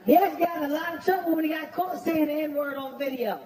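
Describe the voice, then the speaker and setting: A man doing a stand-up roast, brash and profane, shouting his punchlines. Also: extremely high pitch, a little fast. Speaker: comedian at a roast. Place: stage before a live audience. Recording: roomy venue with crowd laughter.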